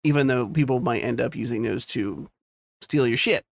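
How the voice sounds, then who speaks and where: A man's voice: moderate pace, vocal fry, no room sound. A man co-hosting a casual podcast, rambling and joking as he talks through TV and game news. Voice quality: fairly high, youthful voice. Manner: rambling, joking, self-interrupting. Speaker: podcast co-host. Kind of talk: casual chat.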